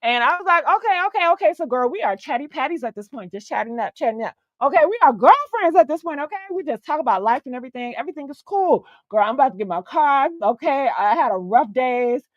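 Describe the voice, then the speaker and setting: A high-pitched woman spills a long personal story to her stream audience, lively and profane, calling everyone "girl." Her voice comes through dull and lo-fi, with a dry sound and no room echo. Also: quick pace, hardly any pauses. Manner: animated, chatty, profane, keeps calling the listener "girl". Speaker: host. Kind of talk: casual storytelling on a live stream.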